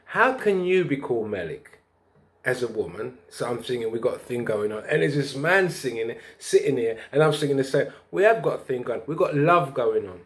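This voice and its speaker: A man spinning a rambling spiritual tale for his vlog. He preaches as he goes, lively and chatty, with quick laughs and snatches of song. His pitch sits right in the middle for a man. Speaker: vlogger.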